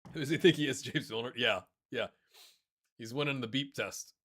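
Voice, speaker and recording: A man giving casual, excitable commentary on a football management game, chatting to his viewers and calling the players lads. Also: mid-range voice, fast talker. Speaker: gaming YouTuber. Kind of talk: casual let's-play commentary.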